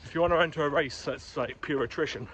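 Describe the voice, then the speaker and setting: A middle-aged man with a Geordie accent that drifts toward London, talking frankly to a body-worn camera as he runs along streets and a canal towpath. His voice sits a touch high for a man. City traffic and street sounds run clearly beneath his words. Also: fast talker, fairly bright tone. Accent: Geordie mixed with London. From Newcastle, England. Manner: chatty, frank, talking while running. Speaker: running vlogger. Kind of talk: casual running vlog. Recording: clear urban background noise.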